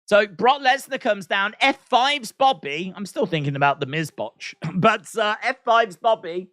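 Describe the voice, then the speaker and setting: Male streamer, lively pitch swings, chatty live reactions, close dry sound. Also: measured pace, no echo. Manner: animated, repeats lines, laughs at himself.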